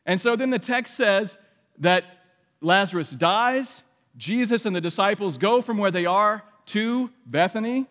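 Male pastor, high voice, sermon, dramatic scripture reading, long hall reverb. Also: unhurried, fairly bright tone.

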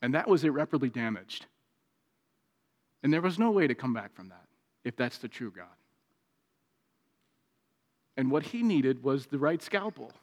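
A man preaching a sermon, moving between raised, emphatic passages and quiet, confiding stretches. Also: very animated, fairly quick. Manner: preaching with swings from raised intensity to quiet, low confiding tones. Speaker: pastor. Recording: long hall reverb.

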